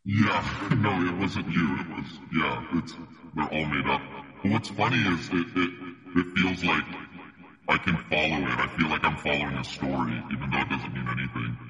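A very deep-voiced man chats playfully, laughing often, his voice bright and forward. He hosts over a video call. The sound is dull, with a long echo and faint music behind him. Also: moderate pace. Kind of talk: casual chat.

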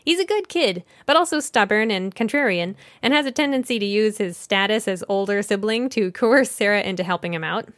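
A woman's voice: medium pitch, expressive, brisk, few pauses, a bit bright, no echo, studio quality. A woman hosting a children's book podcast, summarizing and discussing a story in a conversational way, thinking aloud and correcting herself now and then.

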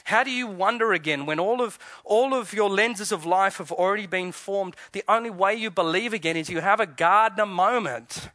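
Bright-voiced man preaching. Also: high voice, normal speed, few pauses, no echo. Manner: conversational, questioning, self-interrupting preacher. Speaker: pastor. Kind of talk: Easter sermon.

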